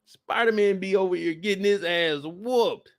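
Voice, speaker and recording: A man delivering an animated, profane, exasperated comedic rant. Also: sits high, normal speed, no echo, studio quality.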